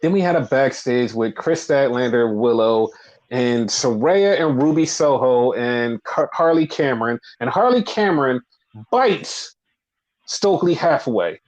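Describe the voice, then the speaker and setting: A man co-hosting a casual wrestling recap podcast, blunt and profane, talking in an animated, opinionated way. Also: medium pitch, measured pace. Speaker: podcast co-host. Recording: dull lo-fi podcast audio.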